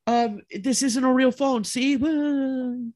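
A man performing a fast, playful improv comedy scene, full of restarts. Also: very high voice, fairly even intonation, a little mellow. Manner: quick, playful, many restarts.

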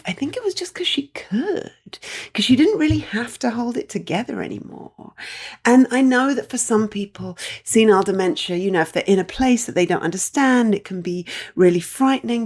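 A woman's voice: medium pitch, darkish tone. A woman telling a personal family story in a candid, wry, conversational way.

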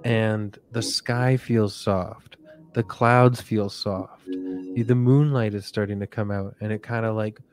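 A man hosting a podcast, rambling through a goofy, soft parody of a guided relaxation. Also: lowish voice, fairly even intonation, slow pace, faint music behind. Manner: rambling, goofy, softly drifting. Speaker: podcast host.

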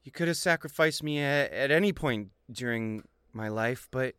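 A man plays a tabletop game in character. He rambles along, joking in a deadpan way. His voice is mid-pitched, and the sound is dry and close. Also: moderate pace, smooth, no echo. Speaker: player.

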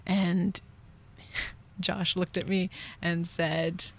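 Young adult woman, podcast host, lowish pitch, candid and rueful confessional storytelling. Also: fairly even intonation. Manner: candid, rueful, acts out voices in quick whispers and shouts.

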